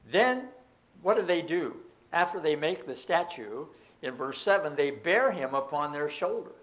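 A man's voice: a little high, animated, a little slow, fairly bright tone. A man preaching a Bible teaching, reading scripture aloud and explaining it with emphatic outbursts.

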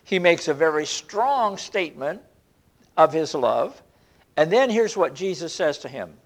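A man delivers an expository sermon in an animated way, his pitch rising and falling widely as he talks. He slows down and leans hard on the scripture quotes, and he often restarts his sentences as he goes. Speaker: preacher.

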